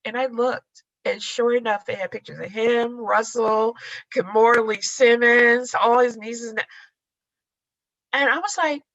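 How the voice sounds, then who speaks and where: A woman artist giving a casual guest talk, animated and acting out the dialogue in her stories. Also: fairly high pitch, a little slow, no echo. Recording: dull lo-fi sound.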